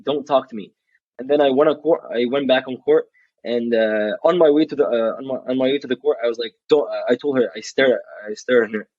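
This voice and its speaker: A man's voice: mid-range voice, a little mellow, dry recording. A young man, a college athlete guest, telling a story in a casual interview, frank and blunt, swearing freely and restarting his sentences often. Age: young adult. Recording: dull, dry recording.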